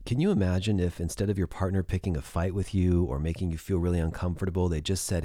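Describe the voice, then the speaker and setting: A middle-aged man talks through relationship advice alone on his podcast, his voice deep and warm. He explains things in a measured way and slows down for emphasis. The sound is close and dry, with no room echo. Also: steady tone. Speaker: podcast host. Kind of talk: solo relationship advice monologue.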